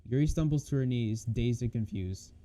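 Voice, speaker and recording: A man streaming a visual novel mod, reading its text aloud in a flat undertone and breaking off to comment on it. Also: medium pitch, normal speed.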